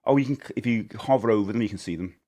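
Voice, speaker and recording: A man's voice: lowish voice, racing, very noisy. A man chatting casually on a live game stream, jokey and talkative as he greets his chat by name. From England.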